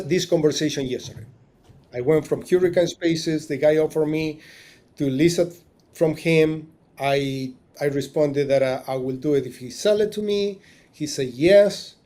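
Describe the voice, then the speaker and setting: A marina business owner tells his story as a guest in a casual podcast interview, his voice a little high and mellow. He often restarts sentences, acts out quoted dialogue, and grows emotional along the way.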